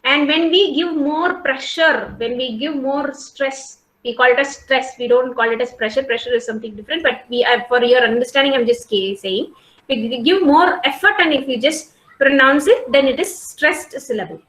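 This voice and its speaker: A woman's voice: high voice, normal speed, fairly bright tone, roomy sound, rough recording. A woman, giving an online class as a college lecturer, explaining patiently and often checking "okay?". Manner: explains patiently, repeats points, asks "okay?" and "got it?" often. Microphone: video call.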